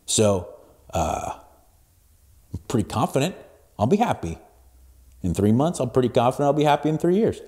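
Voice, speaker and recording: Emphatic, lively-pitched man in his forties. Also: moderate pace, pauses often. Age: 40s. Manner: emphatic, profane, swings between hushed and loud. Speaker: podcast host. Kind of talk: solo motivational podcast talk.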